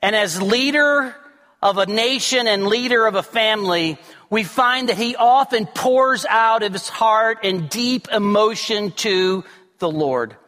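A bright, high-pitched man preaching earnestly to his congregation. His sermon swings between near shouts and hushed low passages. The sound carries a long hall reverb from the church sanctuary. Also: unhurried. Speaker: pastor.

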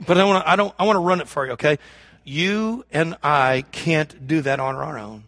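A man preaching a sermon as pastor, swinging from loud emphasis to hushed lows and acting out imagined prayers. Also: expressive, moderate pace, dry recording, clean studio sound. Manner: acts out imagined prayers and voices of the congregation.

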